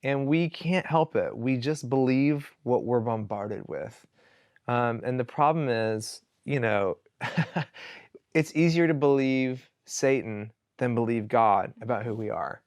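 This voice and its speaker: A man who is a worship pastor talks through scripture stories in a loose, animated way, full of casual fillers. His voice sits at an ordinary middle pitch for a man. The sound is dry and close, with no room echo. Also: slow. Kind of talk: conversational teaching, retelling scripture stories.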